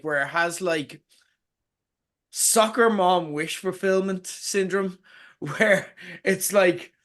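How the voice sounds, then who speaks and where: A podcast co-host with a slightly high, bright male voice rants in casual chat, swearing, using sarcasm, and mocking whatever he dislikes.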